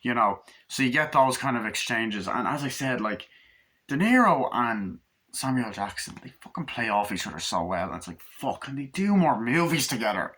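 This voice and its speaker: A man's voice: mid-range voice, lively intonation, moderate pace, pushed and bright. A man giving a rambling, profane spoken movie review, out of breath as he talks. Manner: rambling, profane, acts out scenes in loose paraphrase.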